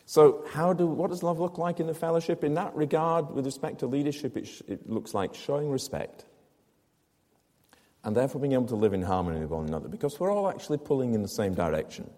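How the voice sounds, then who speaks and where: A man's voice: mid-range voice, animated, fast, warm tone, in a large hall. A man preaching a sermon to his congregation, explaining a scripture passage with rhetorical questions and emphatic repetition. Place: church.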